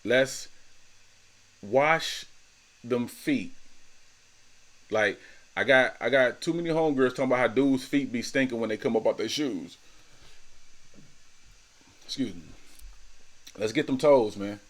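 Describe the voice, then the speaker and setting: A man's voice: medium pitch, a little slow, pauses often. A man in his thirties hosting a casual solo podcast, talking in a slangy, laid-back way, repeating words and laughing often. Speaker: podcast host.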